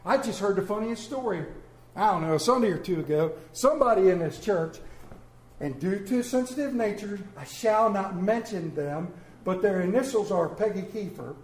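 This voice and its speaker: A man with a fairly high voice preaches to his congregation, animated and good-humored. He swings between loud declarations and soft, near-whispered lines. The sound carries the echo of a church sanctuary. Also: moderate pace. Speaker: pastor. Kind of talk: sermon.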